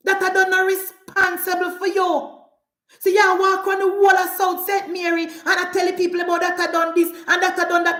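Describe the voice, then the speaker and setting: A woman with a Jamaican accent, ranting and scolding on a live political stream, often shouting and repeating herself. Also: extremely high pitch, monotone, fairly quick, roomy sound. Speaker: political commentator.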